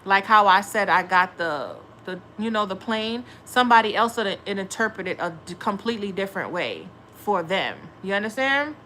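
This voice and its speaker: A woman's voice: mid-range voice, animated, normal speed, few pauses, bright, forceful tone, slight background noise. A young woman hosting a tarot livestream, chatting casually and bluntly with viewers, cursing freely. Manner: blunt, profane, talks back to chat.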